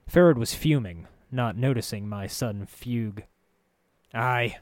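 A man narrating a dark first-person fantasy story in a measured, vivid way. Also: medium pitch, no echo, studio quality.

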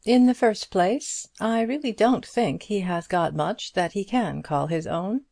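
A woman's voice: mid-range voice, a little slow, gravelly, darkish tone, dry recording, studio quality, pitched above the performer's own voice. A woman voicing a frank, gossipy older single woman with folksy, blunt talk in an audiobook reading. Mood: confiding gossip. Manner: chatty, blunt, homely turns of phrase.

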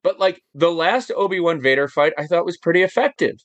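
A man talking as a podcast guest in casual chat, animated and emphatic, firing off rhetorical questions. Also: fairly high pitch, fairly quick, no echo, highs cut off.

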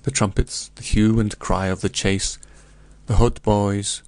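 A man narrating a first-person story in a measured, grave reading. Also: on the low side, fairly even intonation, a little mellow, dry recording. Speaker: audiobook narrator.

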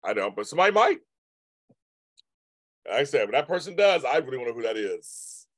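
A man's voice: medium pitch, big pitch swings, fairly quick, fairly bright tone, no echo. A man hosting a casual livestream, rambling and repeating himself as he chats with viewers and answers their comments. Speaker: livestream host. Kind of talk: casual live-stream chat reading viewer comments.

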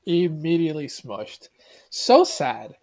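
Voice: mid-range voice, very animated, slow pace, darkish tone. A podcast co-host talking casually about a movie in an earnest, rambling way, often restarting sentences.

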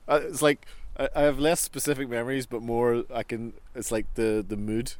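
A man's voice: mid-range voice, little pitch movement, moderate pace, no echo. A man recalling his teenage years in casual chat, rambling and laughing often, recorded outdoors in a park. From Northern Ireland. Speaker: guest. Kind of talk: casual reminiscing.

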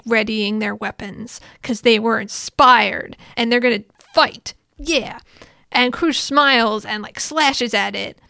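A woman casually recapping an anime episode in an excitable, chatty way, full of fillers. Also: on the high side, creaky, smooth, no room sound, clean studio sound. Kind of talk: casual chat.

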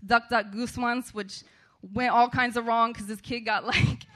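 Woman storyteller, high and bright voice, chatty live-stage delivery with lots of fillers. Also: fairly even intonation, measured pace. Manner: chatty, laughing, many fillers like "like" and "right".

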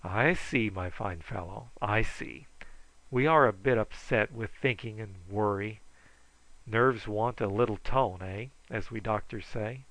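Give me a teasing, kindly old doctor with a brisk, fatherly manner, as a man reads him. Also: lowish voice, fairly bright tone, dry recording, rough recording. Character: kindly jovial older male doctor.

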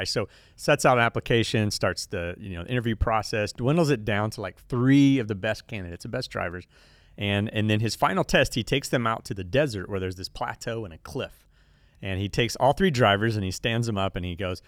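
A man's voice: lowish voice, a little fast, no echo, studio quality. A man co-hosting a church podcast, chatting casually and telling a story with acted-out quotes. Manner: relaxed storyteller, acts out quoted characters. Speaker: pastor and podcast co-host.

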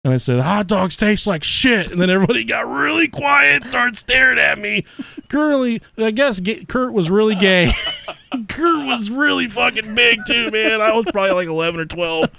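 A man's voice: sits high, expressive, moderate pace, vocal fry, bright, forceful tone. A man hosting a casual podcast, telling stories in a crude, laughing manner with lots of swearing. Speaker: podcast host. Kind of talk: casual storytelling chat.

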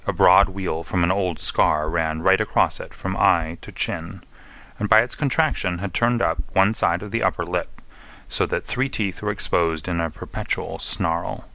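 Deep, crisp man reading a classic story. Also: pushed and bright, no room sound. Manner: measured, distinct reading with voices for each character. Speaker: audiobook narrator. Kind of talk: scripted narration of a classic detective story.

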